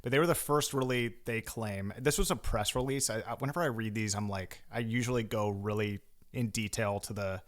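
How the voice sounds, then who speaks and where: A man's voice: on the low side, brisk. A man co-hosting a podcast in casual chat, rambling and laughing easily as he talks. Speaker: podcast co-host.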